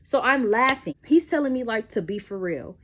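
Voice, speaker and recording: A young woman, telling a personal story in a casual storytime and acting out the voices with sudden jumps in pitch. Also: moderate pace, slight background noise. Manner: animated, acts out quotes with pitch jumps.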